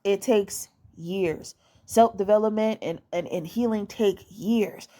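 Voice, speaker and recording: A woman's voice: mid-range voice, takes it slowly, mellow. Blunt, profane young woman repeating points for emphasis. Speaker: dating advice vlogger. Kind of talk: casual monologue to camera.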